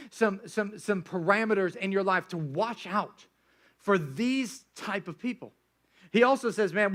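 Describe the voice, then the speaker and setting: A man's voice: high voice, fairly bright tone. A man preaching a sermon as pastor, telling stories in a casual, joking way with many restarts.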